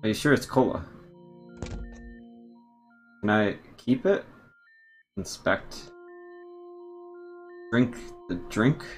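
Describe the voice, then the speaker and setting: A man's voice: lowish voice, expressive, extremely slow, long pauses. A man streaming a horror game live, commenting in a drawling way, laughing and swearing when startled. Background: loud game music.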